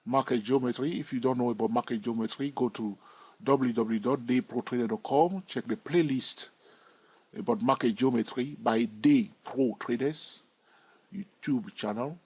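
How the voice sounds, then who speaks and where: A man's voice: mid-range voice, moderate pace, mellow, breathy edge, no echo, dull audio. A man giving a screen-recorded chart tutorial in a chatty way, thinking aloud and asking his viewers questions. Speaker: trading educator.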